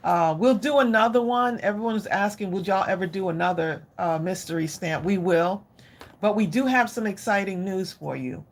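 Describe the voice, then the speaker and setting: A woman's voice: mid-range voice, normal speed. A middle-aged woman hosting a crafting livestream, chatting effusively and directly with her viewers. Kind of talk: casual live chat with viewers.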